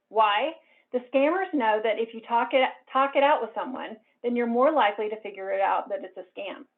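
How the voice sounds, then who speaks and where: Woman presenter on a tinny line. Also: fairly high pitch. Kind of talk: presenting a cybersecurity talk. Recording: narrow phone-like band.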